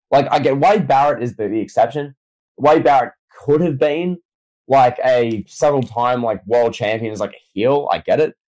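Male co-host, conversational and questioning, average pitch, easy podcast banter. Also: a little mellow, low-quality recording. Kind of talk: casual wrestling discussion.

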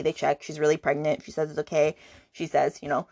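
A woman with a deep voice hosts a book podcast, recapping a romance novel at a quick pace. She's chatty and indignant, filling her talk with fillers and lots of "like"s, and the audio is studio quality with no echo.

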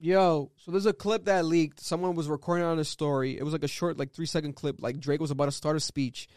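Animated man in casual podcast chat; high, smooth, dry close sound. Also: no echo. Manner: animated, laughs often, quick rambling asides.

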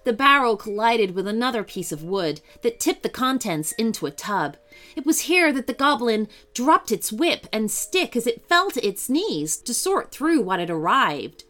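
Lively woman reading a children's story. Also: a little high, moderate pace. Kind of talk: scripted narration.

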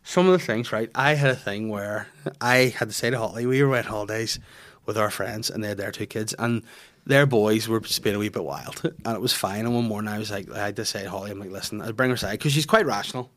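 A man's voice: lowish voice, quick pace, a bit bright. A man, hosting a podcast and telling sweary, casual family stories with his children's voices acted out. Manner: swearing storyteller who acts out his kids' voices. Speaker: podcast host. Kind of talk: casual chat.

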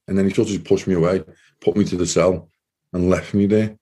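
Man, deep voice, husky, mellow, casual rambling storytelling, lots of fillers. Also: steady tone, brisk. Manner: rambling, many "you know" fillers. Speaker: interview guest.

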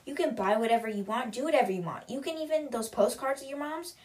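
A woman reading aloud, voicing an eager, pushy young woman in a higher voice. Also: lively intonation, fast talker, darkish tone, far from the mic, close to an everyday voice. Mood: excited.

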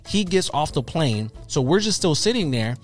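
A man in his thirties, co-hosting a podcast, telling a story in a casual, animated way and acting out what people said. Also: a little high, moderate pace, soft background music. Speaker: podcast co-host.

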